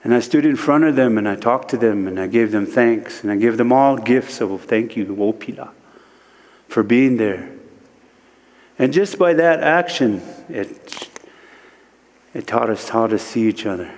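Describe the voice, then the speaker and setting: A man's voice: medium pitch, a little mellow. Man telling a vision story in a reverberant hall. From Standing Rock, United States. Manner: slow, measured storytelling in short phrases, voice rising sharply for quoted speech. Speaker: guest speaker, spiritual teacher. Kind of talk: spoken vision story at a worship service. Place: church sanctuary. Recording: long reverb of a large hall.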